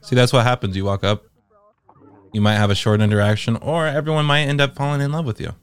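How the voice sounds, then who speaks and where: A man's voice: medium pitch, fairly even intonation, quick pace. A man giving casual, wry and profane commentary as he explores social game worlds.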